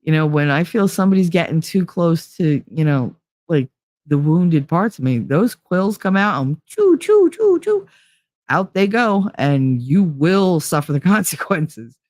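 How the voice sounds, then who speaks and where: A woman's voice: low-pitched, a little slow, darkish tone, no room sound, clean studio sound. A woman hosting a casual livestream who talks bluntly and openly about her feelings, with frequent swearing. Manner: blunt, profane and emotionally open. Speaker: livestream host.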